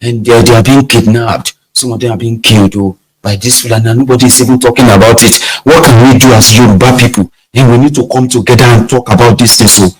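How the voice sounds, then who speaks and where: A man doing a low, worried community speaker. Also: steady tone, quick pace, few pauses, lightly acted, low-quality recording. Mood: concerned.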